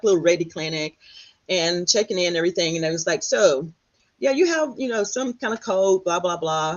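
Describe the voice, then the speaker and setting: A middle-aged woman from Texas, a guest telling her story in an animated way, often acting out what others said. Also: lowish voice. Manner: animated, quotes others in lively voices. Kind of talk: storytelling in conversation. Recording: dull lo-fi sound.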